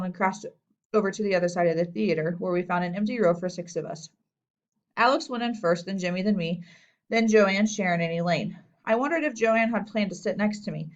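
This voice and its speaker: A woman narrating a children's novel aloud as an audiobook reader, in a lively storytelling way. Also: medium pitch, highs cut off. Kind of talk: scripted narration.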